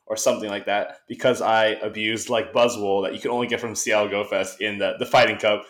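A young man from the United States, a guest on a podcast, telling stories in a casual, animated way and acting out the conversations he quotes. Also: fairly low pitch, brisk, slight background noise. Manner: animated storyteller, acts out quoted exchanges. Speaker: guest, esports caster. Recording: echoey room sound.

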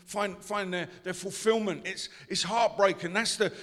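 A pastor preaching a sermon, building up to shouts and asking the congregation questions. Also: male voice, high-pitched, fairly even intonation, normal speed. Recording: long hall reverb.

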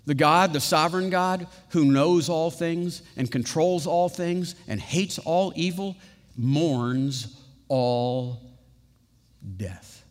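A male pastor giving a sermon with conversational asides and rhetorical questions, building to emphatic peaks and dropping to hushed, slow passages. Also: on the high side. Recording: long reverb of a large hall.

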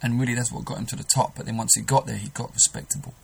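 A man's voice: medium pitch, steady tone, very fast, gravelly, slightly rough, low-quality recording. A man preaching a sermon, earnest and emphatic, often restarting his sentences.

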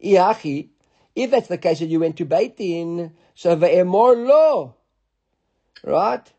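Animated high-voiced man teaching Talmud. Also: slow, breathy edge, highs cut off. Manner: animated, stumbling restarts, mixes Hebrew and Aramaic terms. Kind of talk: daily Gemara class.

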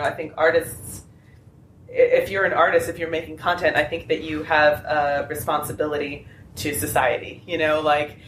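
A woman speaking on a convention panel, impassioned and rambling with restarts. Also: low voice. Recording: echoey room with faint noise.

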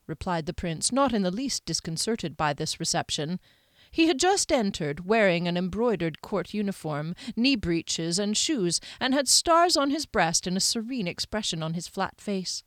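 A woman's voice: medium pitch, big pitch swings, moderate pace, dry recording. Woman reading a story, dry sound. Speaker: audiobook reader. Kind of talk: audiobook narration.

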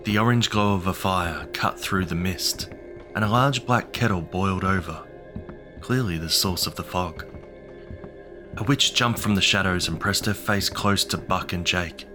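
Male horror narrator, deep, measured storytelling over a music bed.

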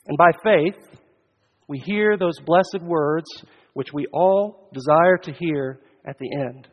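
A man, a pastor preaching a sermon, with earnest delivery that swells loud and then drops almost to a hush. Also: on the high side, slow pace. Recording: dull sound, long church reverb.

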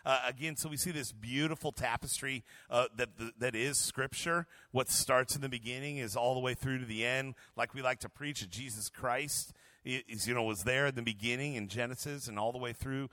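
A man's voice: medium pitch, normal speed, pushed and bright, no room sound. A male pastor co-teaching a Bible passage, earnest and conversational, applying it to everyday life. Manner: earnest, applying the text to listeners' lives.

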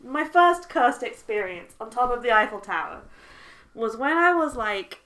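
Bright, slightly high-voiced chatty woman. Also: moderate pace. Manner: animated, laughing storyteller. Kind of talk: casual chat.

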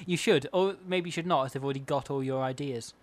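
A man's voice: medium pitch, fast talker. A man co-hosting a comedic radio show, joking in a whimsical, absurd way. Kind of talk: comedic casual chat.

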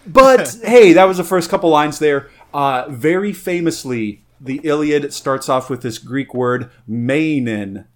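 A man's voice: a little high, lively intonation, unhurried, hardly any pauses. A man co-hosting a podcast, casually and playfully explaining things with enthusiasm. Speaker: podcast co-host.

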